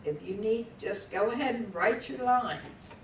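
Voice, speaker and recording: Her voice is fairly high with lively intonation and a slightly slow delivery: a Hebrew teacher patiently drilling words in class and having students repeat them by syllable. Captured from afar in an echoey room, with a faint background hum.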